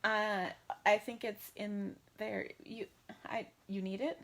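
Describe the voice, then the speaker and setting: A bubbly woman in her forties chats live from her home into her phone camera. Her voice is bright and forward, and she talks in a loose, friendly way, laughing often between her thoughts. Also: mid-range voice, level tone, takes it slowly. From United States. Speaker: crafting live-stream host. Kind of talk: casual live-stream chat. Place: at home indoors. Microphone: phone camera in selfie mode.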